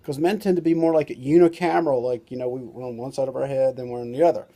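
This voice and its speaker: A man's voice: mid-range voice, fairly even intonation, quick pace, dark tone. A man who is a doctor and author gives an informal talk-to-camera lesson, rambling loosely with lots of "you know" and "like".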